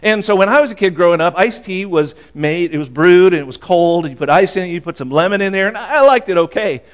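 A man in his sixties from Boston, preaching a conversational sermon and telling a personal story with many halting restarts. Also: high-pitched, animated. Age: 60s. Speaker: pastor.

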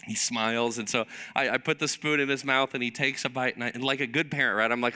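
A man preaching a sermon to his congregation, telling a family story in a lively, animated way. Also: mid-range voice, quick pace, hardly any pauses, clear, resonant tone. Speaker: pastor.

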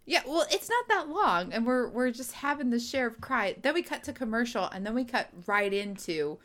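A woman's voice: on the high side, big pitch swings, normal speed, a bit bright. A woman co-hosting a podcast who gives wry, joking commentary on a TV episode. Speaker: podcast co-host. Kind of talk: casual TV recap chat.

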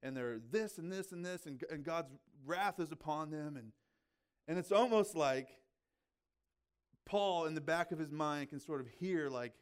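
A man's voice: fairly high pitch, a little slow, clean tone. A male pastor giving a conversational sermon, talking casually and often checking in with his listeners. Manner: chatty, filled with "like" and "right?".

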